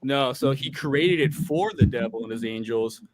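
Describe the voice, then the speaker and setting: An earnest man on a video call in a casual debate, laying out his view. He talks persuasively and keeps checking with his listener. His pitch sits in an ordinary middle range for a man. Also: normal speed, dry recording, rough recording. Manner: earnest, persuasive, repeats himself and asks "you know what I'm saying?". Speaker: guest on a livestream debate. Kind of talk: casual debate, explaining beliefs.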